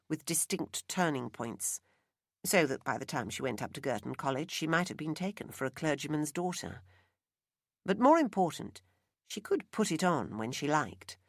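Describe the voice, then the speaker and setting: A woman narrating an audiobook in a measured, expressive reading. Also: sits low, dry recording, clean studio sound. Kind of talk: scripted narration. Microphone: close studio mic.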